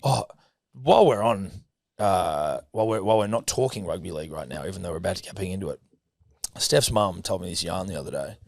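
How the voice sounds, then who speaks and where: A man's voice: low voice, expressive, a little fast, creaky, a little mellow, dry recording, clean studio sound. An Australian man co-hosting a sports podcast, rambling and joking as he tells stories and reads ads. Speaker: podcast co-host. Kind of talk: casual sports banter.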